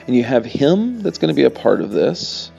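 A man giving a relaxed, conversational sermon and reading scripture aloud, with fillers and asides. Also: medium pitch, normal speed, vocal fry, lo-fi sound, soft background music. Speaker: pastor.

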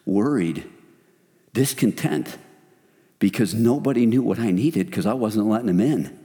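A middle-aged man leading a men's ministry, preaching in an earnest, conversational way with animated retellings. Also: lowish voice. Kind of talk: sermon. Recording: long hall reverb.

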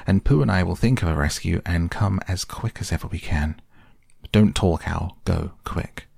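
A man with a husky, gravelly voice voicing an eager, affectionate small boy in a storybook reading, lifting his pitch for the child. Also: moderate pace, a little mellow, no echo, studio quality, full character voice.

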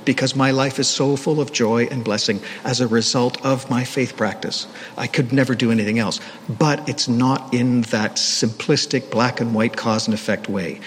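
A male pastor preaches in a candid, conversational way, often poking fun at himself, at a mid-range pitch. His voice rings with a long hall reverb over a faint wash of background noise. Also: normal speed. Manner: candid, self-deprecating, conversational. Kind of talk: sermon. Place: church.

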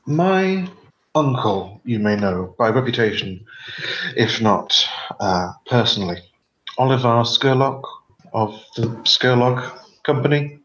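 A man's voice: mid-range voice, lively intonation, fairly bright tone. Man putting on a prim cut-glass aristocratic lady. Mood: scheming. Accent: posh cut-glass. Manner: halting, prim, condescending politeness. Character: haughty upper-class young woman, prim client. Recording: echoey, dull lo-fi room sound.

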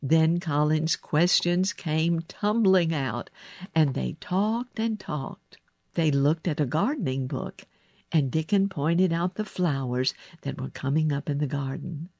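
A woman reads a children's storybook aloud, gentle and unhurried. Her voice sits low, her pace is slow, and the recording is dry and close. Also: no echo. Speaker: narrator. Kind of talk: storybook narration.

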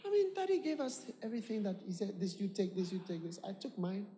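A man's voice: sits high, brisk, big-room sound, a little hiss or hum, close to an everyday voice. A man playing an evasive young man back home from abroad, boasting with rambling, stammering excuses. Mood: self-justifying.

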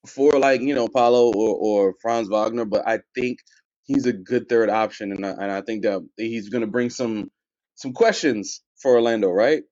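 A man's voice: on the low side, darkish tone, dry recording, lo-fi sound. A man co-hosting a casual sports podcast, joking with friends and asking them questions. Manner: joking, teasing, asks the others questions.

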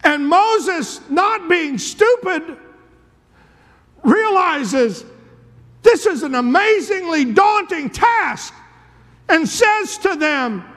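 High-voiced man preaching slowly in a hall. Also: animated. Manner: dramatic storytelling, swinging from hushed to shouting. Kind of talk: sermon. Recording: long reverb of a large hall.

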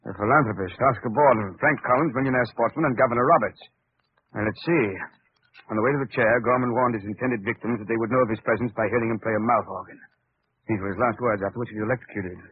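An actor playing a wealthy philanthropist with formal, measured speech in 1930s radio acting, on a tinny old radio recording with hiss. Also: male voice, fairly low pitch, natural voice. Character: wealthy older male philanthropist, composed then shaken.

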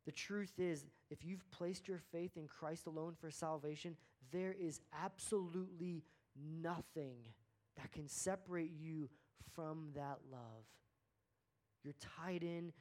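A man's voice: a little high, darkish tone. A man preaching a sermon in an earnest, conversational way, often repeating words for emphasis. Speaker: pastor.

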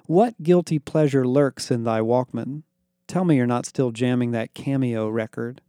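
A man playing a deadpan punk teenager. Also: no room sound, studio quality, natural voice. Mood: deadpan scolding. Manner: low, slow, solemn and deadpan. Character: deadpan punk teenage boy, aloof and preachy. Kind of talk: audio fiction reading.

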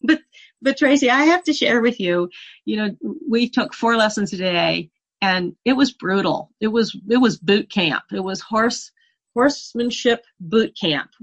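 A woman's voice: a little high, lively intonation, unhurried. A woman guest telling a long personal story in an interview, earnest and reflective, sometimes laughing at herself. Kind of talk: conversational storytelling.

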